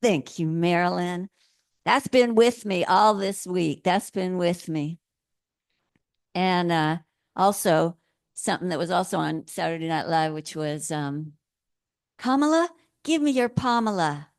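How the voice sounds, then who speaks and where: A woman minister giving a sermon in a gentle, playful way, laughing often. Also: fairly low pitch, fairly even intonation, measured pace, no echo, studio quality.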